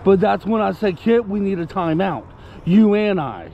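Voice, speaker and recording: A man's voice: high voice, lively intonation, moderate pace, vocal fry, lo-fi sound, slight background noise. A man telling a story casually to camera, indignant and rambling, breaking off to give commands to his puppy. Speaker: vlogger.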